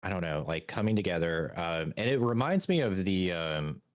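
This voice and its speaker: A man's voice: low-pitched, normal speed. A man co-hosting a casual talk show, rambling loosely and saying "like" and "um" a lot. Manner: relaxed and rambling, heavy on "like" and "um". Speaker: co-host. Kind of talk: casual podcast chat.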